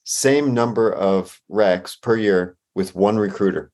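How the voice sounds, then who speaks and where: Low-voiced host firing off quick questions. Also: male voice, darkish tone. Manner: easygoing and affirming, with short reactions. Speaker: podcast host. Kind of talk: interview with quick-fire questions.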